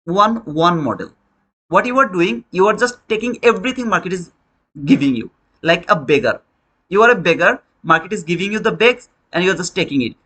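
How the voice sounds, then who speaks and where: A man's voice: high voice, expressive, a little fast, bright, forceful tone, slightly rough. A man teaching trading in a preachy, repetitive way, often calling the listener brother, speaking English as a second language. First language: Bengali. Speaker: trading educator. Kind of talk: motivational lecture.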